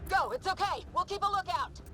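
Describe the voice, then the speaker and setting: A loyal woman soldier calls out tactics in short, clipped lines. Her voice sits very high. Loud game music runs beneath her. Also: lively intonation, fairly quick. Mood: tense.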